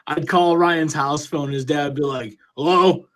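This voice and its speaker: A man in his twenties hosting a podcast, chatting casually and telling animated stories full of quoted voices. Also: on the high side, normal speed. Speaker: podcast host.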